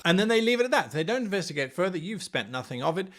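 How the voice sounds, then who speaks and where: A bright, high-pitched man talks through game-running tips with swooping, animated delivery. He plays out his players' reactions and dips in and out of accents as he explains. His tone stays energetic throughout. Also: fast. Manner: animated, playfully acts out players and dabbles in accents. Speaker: game master coach. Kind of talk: enthusiastic advice video.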